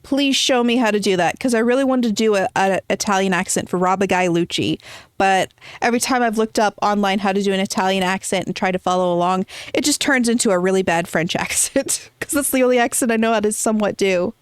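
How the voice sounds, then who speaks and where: A woman's voice: medium pitch, brisk, smooth, dry recording, studio quality. A woman streaming a game from home, chatting casually and rambling as she answers her chat.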